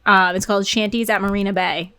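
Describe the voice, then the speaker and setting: A woman's voice: mid-range voice, steady tone, fast talker, bright, forceful tone, clean tone, no echo, studio quality. A woman co-hosting a podcast, chatting casually in a blunt, indignant way. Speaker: podcast co-host. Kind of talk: casual chat.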